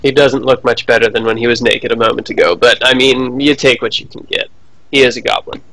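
A man's voice: mid-range voice, fairly even intonation, brisk, fairly bright tone, poor audio. A man playing a tabletop game, narrating his character's actions with jokes. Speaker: player.

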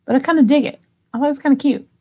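A woman's voice: high voice, very fast, muffled recording. A woman hosting a live online auction, chatting casually and giggling as she reads out bids. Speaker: live sale host.

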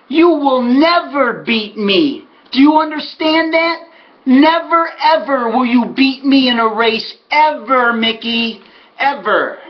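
A man, a harness horse trainer, casually telling a story in an animated, emphatic way, repeating words for effect. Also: on the high side. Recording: dull lo-fi recording.

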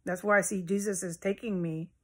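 A woman's voice: mid-range voice, steady tone, a little fast, fairly bright tone, husky. A woman vlogging from her house in a rambling, agitated monologue, swearing often and jumping between topics. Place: at home in a house.

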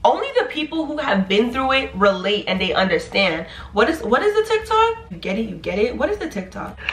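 A young woman in her twenties giving animated, encouraging advice in a casual vlog. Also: fairly high pitch, a little fast, slight background noise. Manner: animated, chatty, playful, encouraging. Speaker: nursing graduate vlogger. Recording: echoey room.

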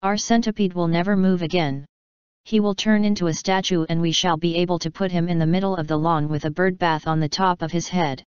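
A woman's voice: on the low side, steady tone, fairly quick, clear, resonant tone, no room sound, lo-fi sound, lightly acted. A woman voicing a gloomy, pessimistic earthworm in a doom-laden, matter-of-fact way.

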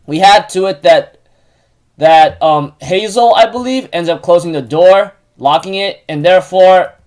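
Halting, filler-heavy man retelling an episode. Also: a little high. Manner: halting, full of fillers and restarts; repeats stock phrases while retelling. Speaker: show recap vlogger. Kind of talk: casual episode recap.

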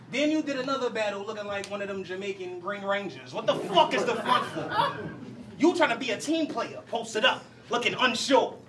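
Battle rapper from Louisiana, crowd roaring. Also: male voice, high voice, animated, far from the mic. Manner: boastful, menacing punchlines delivered deliberately. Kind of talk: battle rap verses, repeating lines for the crowd. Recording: voice from off mic with a loud cheering crowd.

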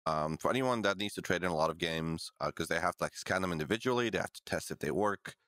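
Podcast co-host, young man, low pitch, dry close sound, loose and profane. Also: expressive, fast, fairly bright tone, no echo. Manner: laid-back, swears freely, many fillers. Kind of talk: casual chat.

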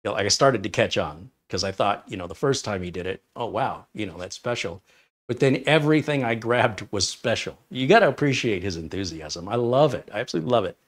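A man's voice: fairly low pitch, animated, quick pace, hardly any pauses. A man hosting a tech live stream, chatting casually and telling an anecdote with frequent laughs. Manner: chatty, storytelling, laughs often. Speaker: tech channel host.

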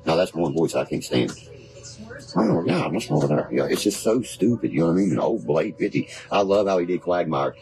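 Deep-voiced rambling man. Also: sing-song, brisk, darkish tone, poor audio. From West Virginia. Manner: profane, rambling, conspiratorial. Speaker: guest. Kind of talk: rambling casual chat. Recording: background music playing.

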